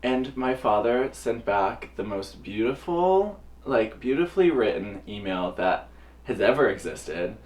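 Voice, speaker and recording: A young man and drag performer telling a personal story to camera in a casual, animated way, acting out the voices of others with big jumps in pitch. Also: unhurried. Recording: voice a little distant from the mic.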